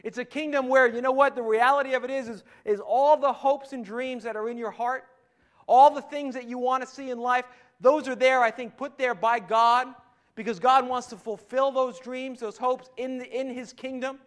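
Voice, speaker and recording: A man's voice: extremely high pitch, fairly even intonation, moderate pace, a bit bright. A man preaching a sermon in a conversational way, stumbling and restarting often, building to emphatic points. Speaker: pastor.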